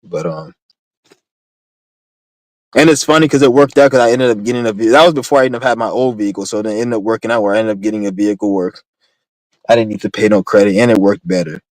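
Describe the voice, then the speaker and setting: A man's voice: fairly low pitch, fast talker, long pauses, no echo, rough recording. A young man in a casual, profane, rambling rant, speaking bluntly to his viewers. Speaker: vlogger.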